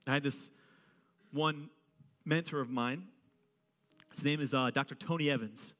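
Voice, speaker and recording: A man preaching a sermon to his church, joking and animated as he goes. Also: mid-range voice, measured pace, pauses often. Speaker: pastor. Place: church auditorium. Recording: reverberant hall with faint music.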